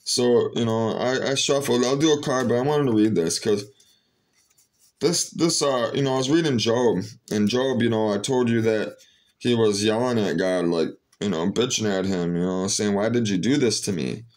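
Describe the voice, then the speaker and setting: A vlogger speaks casually and directly to his viewers in a rambling, earnest monologue. His voice sits on the low side at a normal speed, and he keeps restarting sentences and dropping in lots of "you know" fillers.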